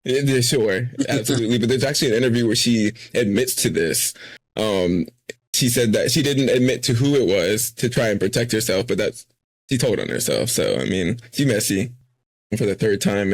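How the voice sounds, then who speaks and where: A lower-pitched man talks sports in an easygoing podcast style, piling up fillers and restarts and slipping into quoted dialogue now and then. The sound is dry and close, with hardly any room around it. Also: dry recording. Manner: loose, filler-heavy, acts out quotes. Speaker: podcast co-host. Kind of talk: casual chat.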